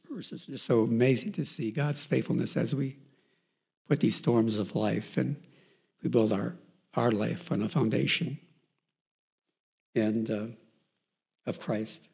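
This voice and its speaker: Older guy in his 60s sharing his faith story, kinda halting and earnest, super gravelly voice. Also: medium pitch, darkish tone. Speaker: speaker giving a Christian testimony. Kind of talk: reading a letter aloud, then telling a personal story.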